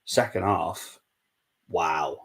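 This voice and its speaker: A man's voice: low-pitched, very slow, gravelly, a bit bright, breathy edge. A young man hosting a live football watchalong stream, chatting casually and reading out viewer messages. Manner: chatty, reads out viewer messages, laughs often.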